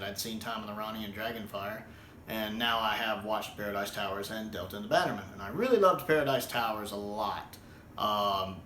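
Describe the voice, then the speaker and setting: A video reviewer from the United States gives a casual spoken review that rambles, full of ums, repeated words, and restarts. His mid-range voice is a bit bright, recorded in an echoey room with slight background noise.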